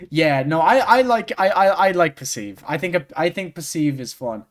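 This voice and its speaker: A man streaming a game, commenting casually with excitable, laughing reactions. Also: on the high side, moderate pace, few pauses.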